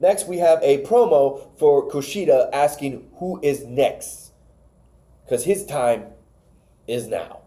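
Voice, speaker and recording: A man's voice: medium pitch, takes it slowly, dark tone. A man co-hosting a podcast, casually recapping wrestling matches, rambling and stumbling over names. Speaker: podcast co-host.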